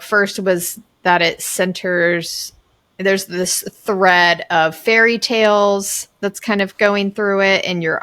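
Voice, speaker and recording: Woman podcast host, eager interviewer, lots of quick affirmations, mid-pitched. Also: sharp tone. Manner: enthusiastic, frequent short affirmations. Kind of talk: casual interview chat.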